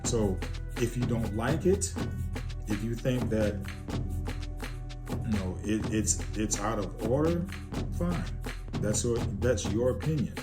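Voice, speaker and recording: A man introducing a sermon, slow and emphatic, repeating his points. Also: on the low side. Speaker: host. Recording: loud music behind.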